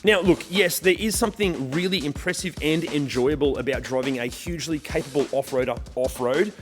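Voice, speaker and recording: An Australian man hosting a car video, talking to camera in a lively, chatty way with wry humour. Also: on the high side, a little fast. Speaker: car channel host. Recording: roomy reverb with music behind.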